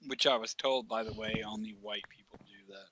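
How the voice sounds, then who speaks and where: A man's voice: lowish voice, fairly even intonation, a little fast, noisy background. A man telling a long, profane anecdote in casual chat, laughing often as he goes.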